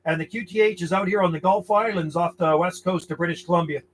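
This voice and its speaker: High-voiced man calling on CB radio. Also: quick pace, heavy background noise. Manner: friendly, repeats call signs, easygoing chatter. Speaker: CB radio operator. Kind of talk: radio calling with call signs.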